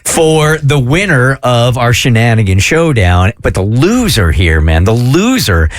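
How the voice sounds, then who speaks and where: Lively male morning radio host. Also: medium pitch, no echo, clean studio sound. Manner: lively, quick, laughing often.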